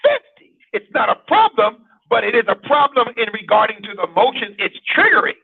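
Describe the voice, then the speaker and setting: A man's voice: very high-pitched, very animated, fairly quick, vocal fry, husky, dry recording. A man hosting an informal broadcast talk, conversational and full of rhetorical questions to his listeners. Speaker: broadcast host. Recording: dry, tinny phone-like sound.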